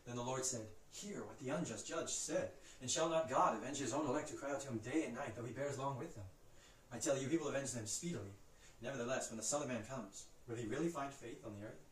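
A man reciting Bible passages from memory in a brisk, steady way, lifting his voice for the quoted cries. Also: mid-range voice, echoey room, far from the mic, a crowd in the background, low-quality recording. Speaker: Scripture reciter.

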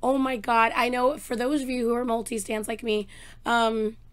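A woman hosting a music reaction video, excitable and gushing, her voice a bit rough, talking at home. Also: on the high side, moderate pace. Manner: gushing, excitable, exclaims often. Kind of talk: casual reaction commentary. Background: faint song playing.

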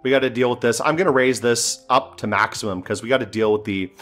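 A man's voice: mid-range voice, fast talker, fairly bright tone, soft background music. A man giving casual, exasperated gameplay commentary, talking to himself and swearing as things go wrong. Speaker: gaming commentator.

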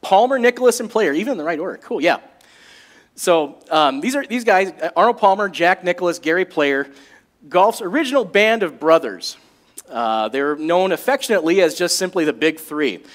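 A man preaching a sermon as a pastor, in a jokey and animated way. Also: sits high, moderate pace.

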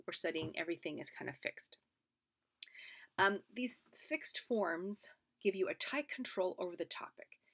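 Woman, low voice, gravelly, lecture, explains step by step, checks in with "right?". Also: fairly bright tone. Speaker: literature teacher. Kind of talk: recorded lecture.

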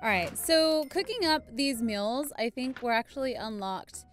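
A woman giving bubbly, excitable commentary while playing a video game, talking to the characters on screen. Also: on the high side, a little slow, faint music behind. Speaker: gaming video host. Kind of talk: casual gameplay commentary.

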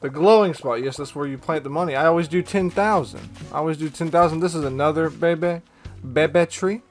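A man's voice: fairly high pitch, a little fast, faint music behind. A young man chatting casually with his viewers while he plays a game and reads their messages, upbeat and slangy. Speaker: gaming streamer. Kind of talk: casual live-stream chat while playing.

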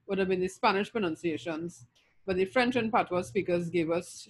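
A woman's voice: on the low side, a little fast, slightly rough. A middle-aged woman from Trinidad with a Trinidadian accent, giving a recorded linguistics lecture and listing terms steadily with frequent ums.

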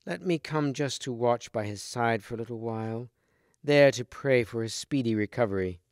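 A man's voice: medium pitch, moderate pace, clean tone, no echo, studio quality, natural voice. A man reading aloud as a scheming sorceress queen in a storybook, with a cold, commanding manner. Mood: pleading. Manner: cold, commanding, falsely sweet.

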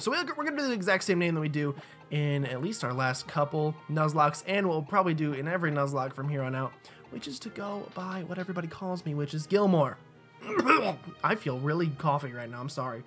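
A man's voice: on the high side, a little fast, fairly bright tone, faint music behind. A young man casually commentating a video game, rambling and joking as he explains rules. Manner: rambling, joking, lots of fillers. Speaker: let's play gamer.

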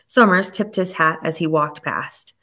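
A woman with a low voice narrates a suspense novel. Her reading is steady and measured, with an even, unhurried delivery. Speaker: audiobook narrator. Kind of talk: scripted narration.

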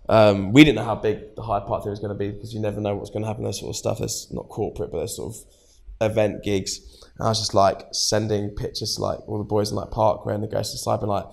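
A man's voice: lowish voice, level tone, quick pace, creaky. A man telling a story in a casual interview, rambling with many fillers. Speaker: frontman guest.

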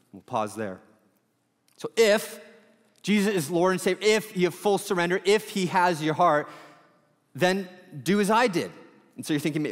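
A male pastor preaching a sermon in a conversational, storytelling way, full of quick asides. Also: fairly high pitch, in a large hall.

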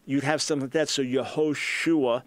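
Male talk host, mid-range pitch, emphatic scholarly explainer, dry close recording. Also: steady tone, normal speed, no room sound. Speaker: radio talk show host. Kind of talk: answering a listener's question.

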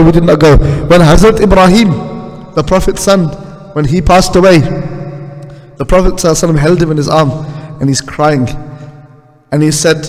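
A man's voice: on the high side, darkish tone. A man teaching a hadith lesson in a mosque, often asking the congregation questions and mixing in Urdu and Arabic terms. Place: mosque prayer hall. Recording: long hall reverb.

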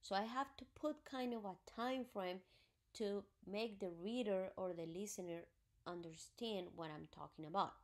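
A woman's voice: medium pitch, moderate pace. A woman teaching a recorded grammar lesson, explaining patiently step by step and working through examples. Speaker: Spanish teacher.

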